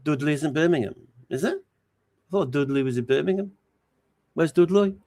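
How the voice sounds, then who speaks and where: Gravelly guy on his stream, lots of ums, noisy background. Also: a little high, a little fast. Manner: relaxed and hesitant, with many ums and restarts. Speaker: livestream host. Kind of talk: casual chat answering viewer questions. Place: home streaming setup. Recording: steady background noise.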